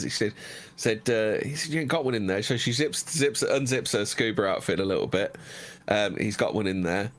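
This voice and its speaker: A man's voice: fairly low pitch, brisk. A man, hosting a podcast and telling crude jokes in offhand, stumbling banter. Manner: offhand, stumbling joke delivery. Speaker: podcast host.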